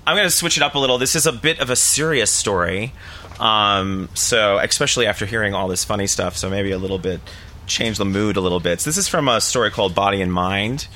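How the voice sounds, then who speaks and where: A man author introducing his story at a live reading, halting with many fillers. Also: on the low side, pushed and bright, a little hiss or hum. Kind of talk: casual remarks before a reading.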